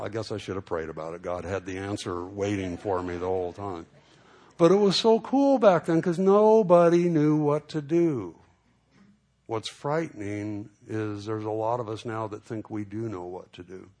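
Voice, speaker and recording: A man's voice: fairly low pitch, vocal fry. A middle-aged man pastor preaching a sermon, telling a story and acting out the people in it. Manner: storytelling, animated when acting out dialogue.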